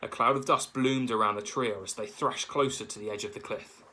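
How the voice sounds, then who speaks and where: A man's voice: mid-range voice, fairly even intonation, brisk, sharp tone, low-quality recording. A man, a teacher, reading a children's novel aloud and stopping to explain words.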